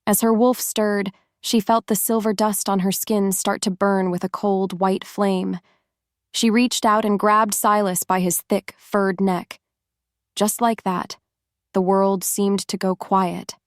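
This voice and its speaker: A woman narrating a romance audiobook in an even, steady storytelling manner. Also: medium pitch, measured pace, no echo, studio quality.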